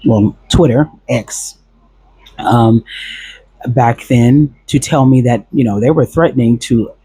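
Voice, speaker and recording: Husky-voiced man telling a story. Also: medium pitch, slow, mellow, dry recording. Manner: rambling, with many fillers and restarts. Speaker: vlogger recounting a past relationship. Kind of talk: casual storytelling monologue.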